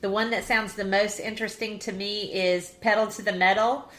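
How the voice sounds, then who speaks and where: A woman's voice: mid-range voice, steady tone, normal speed, a bit bright. A woman co-hosting a casual podcast chat, talking in a loose, conversational way with frequent restarts. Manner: conversational, with false starts. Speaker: podcast co-host. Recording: roomy echo.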